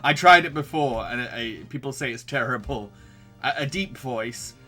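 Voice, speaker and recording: A man with a Yorkshire accent gives casual let's play commentary. He is chatty and self-deprecating, with a bright tone and lively pitch. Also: moderate pace, soft background music. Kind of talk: casual commentary while voicing a game.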